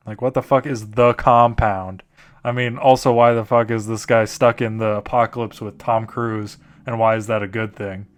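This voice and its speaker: Young male host, casual comedic reader, medium pitch, swears freely, laughs at the material. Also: clear, resonant tone. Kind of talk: comedic story reading.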